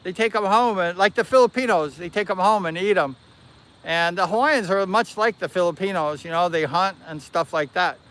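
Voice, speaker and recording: Man, livestream host, high voice, clear and smooth, rambling casual anecdote. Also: normal speed. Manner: animated, rambling anecdote with self-corrections. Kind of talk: casual storytelling.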